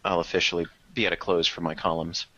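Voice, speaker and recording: A man's voice: low-pitched, little pitch movement, fast talker, a bit bright. A man who writes columns for a website, chatting in an easygoing, self-deprecating way. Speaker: site columnist. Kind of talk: casual chat. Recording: muffled lo-fi livestream audio.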